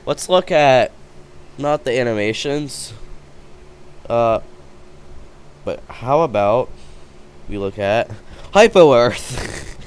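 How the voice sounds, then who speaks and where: A man's voice: medium pitch, slow, long pauses, a little hiss or hum. A man casually chatting as he reacts to videos, rambling and laughing often as he thinks aloud. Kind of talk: casual chat.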